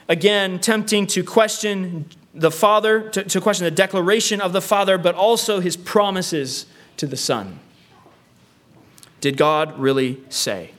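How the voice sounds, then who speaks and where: A man's voice: a little high, a bit bright. A man preaching a sermon earnestly, using repetition and rhetorical questions. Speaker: pastor.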